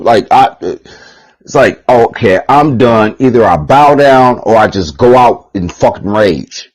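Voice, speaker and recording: A man's voice: mid-range voice, animated, moderate pace, darkish tone, poor audio. A man giving a rambling, heated, profane monologue on his channel, repeating himself and swearing often. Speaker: channel host.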